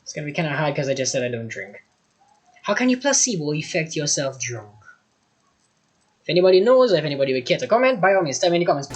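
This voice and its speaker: A reaction video host from Trinidad, talking in a relaxed, chatty, offhand way. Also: mid-range voice, quick pace, a little hiss or hum. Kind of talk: casual reaction commentary.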